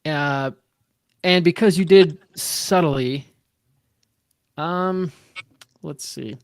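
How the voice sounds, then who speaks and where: A man's voice: on the high side, very slow, no echo, studio quality. Hesitant game master man. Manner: hesitant, many fillers. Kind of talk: narrating a tabletop game.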